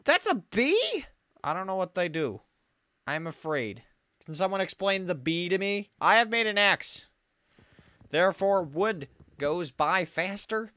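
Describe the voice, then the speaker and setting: Lively, bright-voiced excitable gamer. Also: mid-range voice, measured pace, dry recording. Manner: excitable, talks to game animals, yelps when startled. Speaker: let's play gamer. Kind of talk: solo game commentary.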